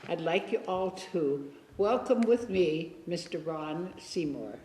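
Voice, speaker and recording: A woman's voice: on the low side, expressive, slow, mellow, a little hiss or hum. A woman hosting a local interview show, chatty and playful, laughing often. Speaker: talk show host. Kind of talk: casual interview chat. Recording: echoey hall with long reverb.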